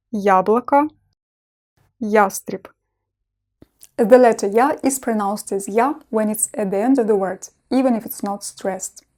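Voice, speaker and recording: A woman teaching a language lesson, pronouncing each example slowly and distinctly as a model for learners. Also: mid-range voice, dark tone. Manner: slow, clearly enunciated model pronunciation.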